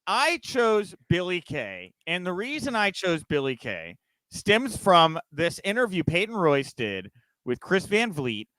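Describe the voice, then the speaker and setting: A man's voice: high-pitched, wildly swooping pitch, unhurried, sharp tone, no room sound. A man hosting a wrestling news podcast, chatting casually and giggling at his own rambling jokes. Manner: giggly, rambling, self-mocking. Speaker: podcast host.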